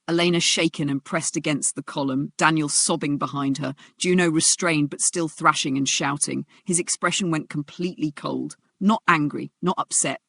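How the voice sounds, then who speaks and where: Gravelly dramatic story narrator. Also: medium pitch, no echo.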